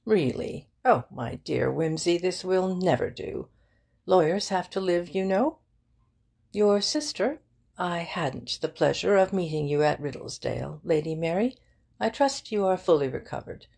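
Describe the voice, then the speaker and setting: A woman voicing a brisk, talkative male barrister who speaks in an effusive, emphatic way. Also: on the low side, expressive, creaky, a little mellow, slightly rough, pitched above the performer's own voice, exaggerated voice.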